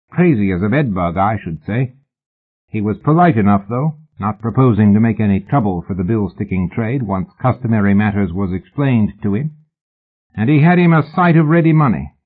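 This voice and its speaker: A man voicing an easygoing working-class bill-sticker boss who talks in a cheerful, folksy, unhurried way, in a storybook reading. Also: lowish voice, expressive, slightly rough. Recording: tinny phone-like audio.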